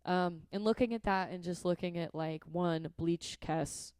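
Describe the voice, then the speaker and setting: A woman's voice: on the low side, moderate pace, darkish tone, clear, resonant tone, dry recording. A young woman vlogging in a casual, rambling way, chatty and earnest, often adding "like" and "right?". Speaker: vlogger and musician.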